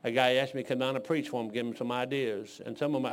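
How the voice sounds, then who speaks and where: A man's voice: medium pitch, fairly even intonation, fast talker. A man in his sixties from Detroit, preaching a folksy sermon full of rambling, joking stories. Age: 60s.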